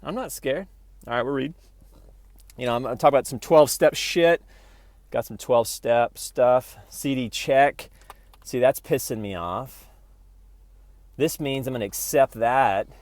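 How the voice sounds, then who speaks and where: A man's voice: mid-range voice, measured pace, long pauses, dry recording. Rambling, profane man vlogging to his phone. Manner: rambling, profane, talks to camera in bursts. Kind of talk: rambling casual vlog. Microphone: phone camera.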